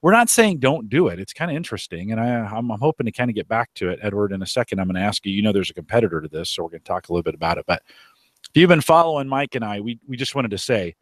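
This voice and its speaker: A man with a lowish voice hosts a live tech podcast in loose, rambling chat. He restarts his sentences often and keeps a friendly, offhand flow. The sound is dry and close. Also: animated, very fast, no echo. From Omaha area, United States. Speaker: podcast host. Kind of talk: casual live show chat. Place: outdoors on a deck.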